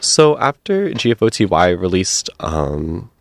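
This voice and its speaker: A man hosting a music radio show, talking casually about songs in a relaxed, rambling way with many fillers. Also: deep voice, a little slow, slight background noise.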